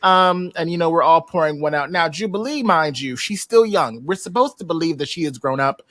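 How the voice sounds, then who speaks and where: A man hosting a podcast, recapping an episode in animated casual chat and slipping into slangy voices as he quotes characters. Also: on the high side, brisk, dry recording, studio quality. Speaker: podcast host. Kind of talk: casual recap among friends.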